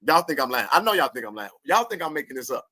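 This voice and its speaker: A man's voice: a little high, fast talker, no echo. A man giving a fired-up commentary rant, cussing and laughing as he talks to his viewers. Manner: animated, cussing, laughing often. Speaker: online commentator.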